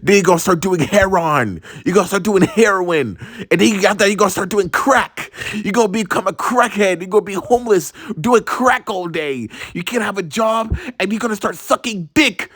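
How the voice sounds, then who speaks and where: A young man doing a nagging mom, high and shrill, accusing, repeating herself, storytime. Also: moderate pace, no echo, studio quality, close to an everyday voice. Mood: lecturing. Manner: repetitive, accusing, lecturing. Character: nagging suspicious middle-aged mother, scolding.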